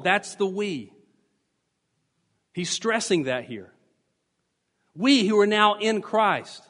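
Male pastor, sermon, high-pitched voice, emphatic teaching, long church reverb. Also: expressive, slow, pauses often, fairly bright tone. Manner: emphatic, teaching, repeats key phrases. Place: church sanctuary.

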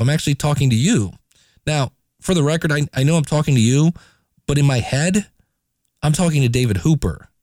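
A man hosting his own podcast, talking casually with lively inflection and playful asides. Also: medium pitch, no room sound, studio quality. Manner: chatty, animated, playful asides. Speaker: podcast host. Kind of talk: casual solo podcast talk.

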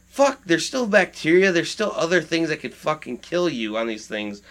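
A man's voice: medium pitch, expressive, moderate pace, pushed and bright. A man in casual podcast chat, rambling with many restarts and frequent swearing.

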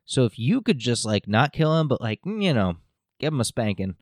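A man's voice: mid-range voice, very animated, moderate pace, no echo, studio quality, voice pushed up, close to an everyday voice. A man voicing a group of worried royal retainers pleading with a hero, in a raised, pleading tone.

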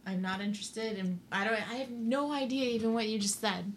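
A woman's voice: fairly high pitch, brisk. A woman guesting on a casual comedy podcast in a studio, teasing and playful, laughing often. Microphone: studio microphone.

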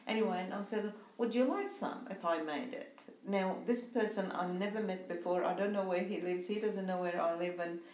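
A woman's voice: on the low side, brisk, few pauses, a little mellow. A woman co-hosting a casual chat, telling reflective anecdotes and laughing easily. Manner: reflective, chatty storyteller who laughs easily. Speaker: co-host. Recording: roomy echo.

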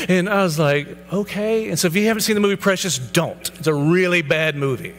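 A man's voice: a little high, expressive, moderate pace, fairly bright tone, soft background music. A man in his thirties, a pastor giving a personal testimony sermon, telling his story earnestly and acting out the dialogue. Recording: hall reverb, faint hum.

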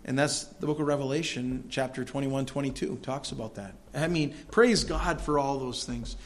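A man preaching a sermon as pastor of a church, earnest and swelling loud when he reads scripture. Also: mid-range voice, moderate pace.

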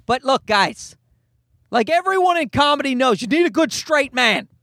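A man telling a comedic rant with a profane, exasperated, animated delivery. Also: very high voice, moderate pace, no echo, clean studio sound. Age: adult parent.

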